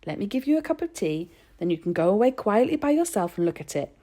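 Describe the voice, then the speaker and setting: A woman voicing a proper, firm mother who speaks briskly and a little sharply in a storybook reading. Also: medium pitch, very animated, dark tone.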